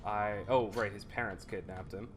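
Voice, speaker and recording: Joking, profane gameplay commentator. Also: male voice, on the low side, fairly even intonation, normal speed, background noise. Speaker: let's play host. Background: game music.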